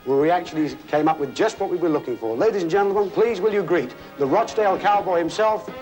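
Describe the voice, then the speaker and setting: High-voiced jokey game show host. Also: male voice, animated, fast, darkish tone, faint music behind, rough recording. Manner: jokey, chatty, addresses audience. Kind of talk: upbeat studio presenting. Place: TV studio with audience.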